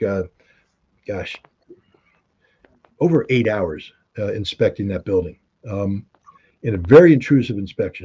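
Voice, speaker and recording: A husky, dark-toned middle-aged man from the United States, a former weapons inspector telling stories in an interview. He brings the anecdotes to life by voicing the other people in them. The audio is a little dull and lo-fi. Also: on the low side. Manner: animated anecdotes, acting out quoted dialogue. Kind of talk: interview storytelling.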